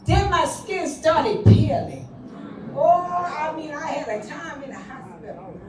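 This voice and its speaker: A woman's voice: high-pitched, lively intonation, slow pace, far from the mic. An older woman preaching and leading fervent prayer in church, calling out to the congregation and slipping into song. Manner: fervent, call-and-response preaching, breaks into song. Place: church sanctuary. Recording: echoey church hall miked from afar with crowd.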